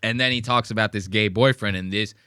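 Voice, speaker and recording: A man's voice: on the low side, fairly even intonation, brisk, sharp tone, smooth, no room sound, clean studio sound. A man hosting a podcast, joking and rambling profanely while reacting to comedy clips. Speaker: podcast host. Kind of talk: casual reaction commentary.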